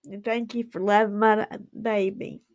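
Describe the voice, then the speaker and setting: A woman's voice: medium pitch, little pitch movement, moderate pace, no echo, studio quality. A woman, hosting a casual livestream and chatting effusively with frequent giggles. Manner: effusive and giggly, laughs often. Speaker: livestream host.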